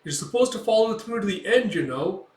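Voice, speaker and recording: A cheeky little male elf, squeaky and frantic, as a man reads him out. The voice jumps high and panics fast. It sits back from the mic in an echoey room. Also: expressive. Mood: whiny. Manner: frantic, whiny, high-pitched. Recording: roomy, distant mic.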